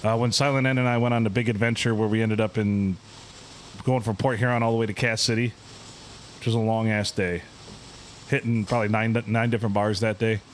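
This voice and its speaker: A man, hosting a podcast, telling a profane, animated story in a casual, ranting way. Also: on the low side, fairly quick, a little hiss or hum. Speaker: podcast host.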